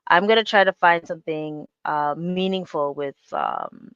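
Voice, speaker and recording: A woman's voice: lowish voice, a little slow, fairly bright tone, smooth, dry recording, highs cut off. A woman hosting her own podcast, chatting casually and rambling with many fillers and restarts. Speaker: podcast host. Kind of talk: casual solo podcast chat.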